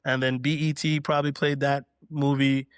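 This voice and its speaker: A middle-aged man from Canada tells a relaxed story as a podcast guest and slips into quoted dialogue along the way. His pitch stays level and sits in a middle register. The sound is close and dry, with no room around it. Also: normal speed, smooth, no room sound. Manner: relaxed anecdote-telling, acting out quoted dialogue. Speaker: guest, DJ and producer. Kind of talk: casual storytelling in a podcast interview.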